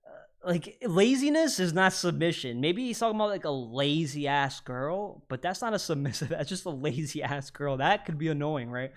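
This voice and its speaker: Assertive lecturing man, fairly high voice. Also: expressive, moderate pace. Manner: assertive, lecturing, drops his tone for emphasis. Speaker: podcast host. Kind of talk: casual panel debate.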